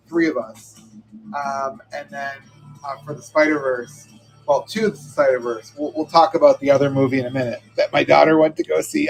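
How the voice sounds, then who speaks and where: Middle-aged male seller, somewhat high voice with a husky edge, loose rambling livestream banter. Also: poor audio. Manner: rambling storytelling with many fillers. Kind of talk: casual livestream chat.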